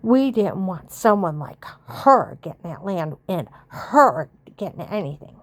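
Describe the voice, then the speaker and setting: A woman's voice: lowish voice, sing-song, unhurried. A woman from the United States in an angry, rambling monologue, swearing and repeating her accusations.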